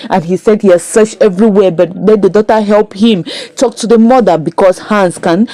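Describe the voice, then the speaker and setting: A woman, recapping a comedy series in an animated storytelling way, with emphatic asides to her viewers. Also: mid-range voice, normal speed, no echo, rough recording. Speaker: show recap reviewer. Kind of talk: casual recap commentary.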